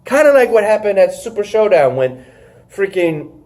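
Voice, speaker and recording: A man's voice: high voice, sing-song, moderate pace, darkish tone. Rambling, casual podcast host man. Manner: rambling, swearing, leans on "freaking". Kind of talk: casual wrestling review chat.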